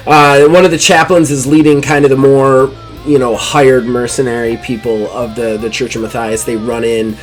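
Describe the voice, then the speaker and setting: A man's voice: medium pitch, little pitch movement, moderate pace, hardly any pauses, soft background music. A man narrating a live-play tabletop game as game master, chatty and apologetic, laughing often.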